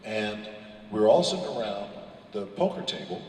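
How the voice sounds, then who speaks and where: A man on a convention panel telling an animated anecdote, acting out quotes with big swings in his voice. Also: lowish voice, moderate pace. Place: large convention hall. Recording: echoey hall from far off.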